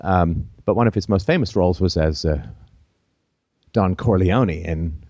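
A man with a very low voice hosts a call-in show, drifting through long anecdotes and chuckling along the way. The sound is dry and close, with no room around it. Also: a little slow, a little mellow, no room sound. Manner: rambling, anecdotal storytelling with chuckles.

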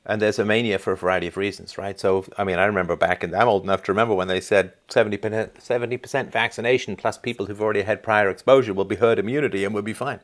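A man with a very low voice talks through viewer questions on his livestream. He reasons out loud in a casual, argumentative way and checks in with quick tag questions as he makes each point. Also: steady tone. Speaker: livestream host answering viewer chat. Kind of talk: casual call-in style monologue. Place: home in Canada.

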